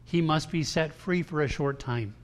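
A pastor with a fairly high voice preaches to his congregation at a moderate pace, keeping the sermon conversational. He restarts often and delivers quoted lines with emphasis, all carried by a long hall reverb.

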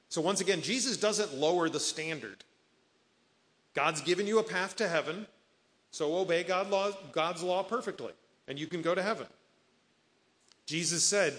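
A man's voice: a little high, normal speed, pauses often, a bit bright, big-room sound. A man preaching a sermon as pastor, earnest, quoting scripture and voicing the people in his stories.

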